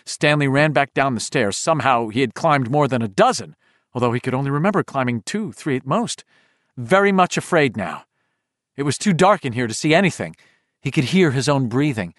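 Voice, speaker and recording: A man narrating a horror audiobook in a tense, measured, suspenseful way on a close studio mic. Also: mid-range voice, expressive, dry recording.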